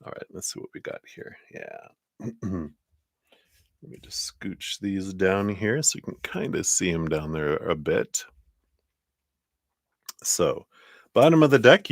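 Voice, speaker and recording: A man's voice: low-pitched, dry recording, clean studio sound. A man hosting a casual live tarot reading, chatty and reassuring, who laughs often.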